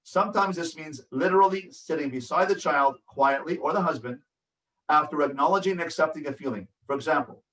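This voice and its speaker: A man's voice: on the high side, fairly quick, fairly bright tone, echoey room, distant mic, rough recording. A man, a rabbi, teaching a parenting class over a video call, reading from a workbook and acting out sample phrases with feeling. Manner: earnest and instructive, acts out sample phrases with feeling. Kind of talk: online lecture reading from a workbook.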